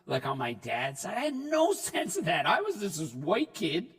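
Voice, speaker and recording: Man, comic keynote storyteller, gravelly husky voice, far from the mic. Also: high voice, moderate pace. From Newfoundland, Canada. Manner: animated, acts out voices, shouts punchlines. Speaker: keynote speaker. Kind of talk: comedic storytelling speech. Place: large hall before an audience. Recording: reverberant hall, speaker off-mic.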